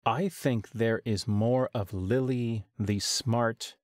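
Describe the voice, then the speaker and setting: Animated man in dry close sound. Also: medium pitch, dry recording. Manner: animated, quick to joke and exclaim. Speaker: podcast co-host. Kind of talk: casual movie review chat.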